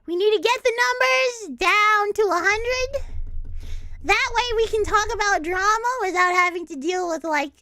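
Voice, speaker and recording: A young woman streamer chats casually, swearing freely and dissolving into giggles. Her voice is very high and bright, and she talks at an unhurried pace. The sound is dry and close to the mic. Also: no echo. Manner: giggly, profane, rambling. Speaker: VTuber streamer.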